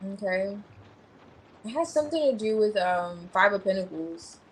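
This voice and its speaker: A woman's voice: mid-range voice, lively intonation, moderate pace, a little hiss or hum, low-quality recording. A woman giving a tarot reading on a livestream, thinking aloud as she turns over cards. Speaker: tarot reader.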